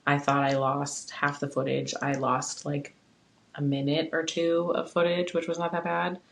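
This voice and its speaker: Young podcast host, gravelly fry, pretty flat delivery, earnest supportive solo chat recorded on a phone. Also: mid-range voice, moderate pace, a little hiss or hum, rough recording. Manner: earnest, encouraging, heartfelt pep talk. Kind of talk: casual solo podcast talk.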